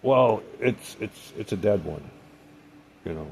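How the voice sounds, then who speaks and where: Gravelly low-voiced man rambling. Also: animated, takes it slowly, darkish tone, slight background noise. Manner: rambling, digressive, sardonic humor. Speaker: vlogger. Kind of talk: casual storytelling monologue.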